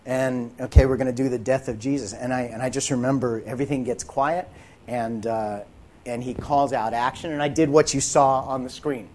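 Male actor, middle-pitched, dramatic testimony with intense, whispered moments. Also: steady tone, normal speed, a little mellow, a little hiss or hum. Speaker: actor sharing a faith testimony. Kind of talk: dramatic personal storytelling.

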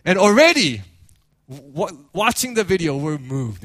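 A man preaching a sermon as a pastor, telling a story in an animated way with many restarts. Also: high-pitched, unhurried, dry recording.

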